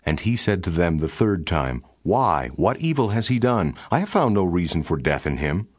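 A man with a very deep, low voice reads scripture aloud in a steady, formal cadence. The sound is dry and close, with no room around it. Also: normal speed, husky, no room sound. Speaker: scripture narrator. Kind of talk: scripted Bible reading.

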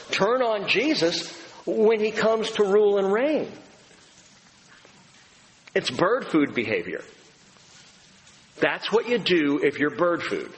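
A man's voice: on the high side, a little hiss or hum. A male pastor delivering a conversational sermon to a congregation, now and then acting out quoted voices. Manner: conversational preaching with acted-out quotes. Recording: echoey hall recording with faint ambience.

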